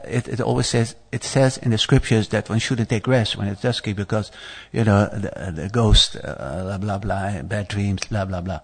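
A man leading a scripture class who reads the story aloud and breaks into chatty, stammering asides, with many fillers and playful teasing of his listeners. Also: mid-range voice. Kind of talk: scripture reading with commentary.

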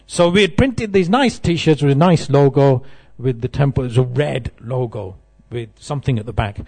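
A man's voice: mid-range voice, normal speed, a little mellow, slightly rough. A middle-aged man giving a devotional class, telling humorous, self-deprecating stories. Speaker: temple speaker.

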